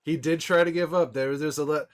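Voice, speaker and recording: A man livestreaming casually to his viewers, rambling excitedly with frequent restarts and laughs. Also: fairly high pitch, brisk. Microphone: desktop microphone.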